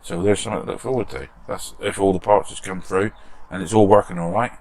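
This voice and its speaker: A man's voice: deep voice, fast talker, creaky, a little mellow. A British man hosting a model restoration channel, chatting casually in his shed workshop and reading out viewer comments with self-deprecating humour.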